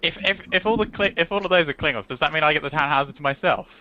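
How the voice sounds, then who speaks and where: A man playing a tabletop game over a video call, making wry quick quips and laughing a lot. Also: a little high, dry recording. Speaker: player. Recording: dull lo-fi video-call audio.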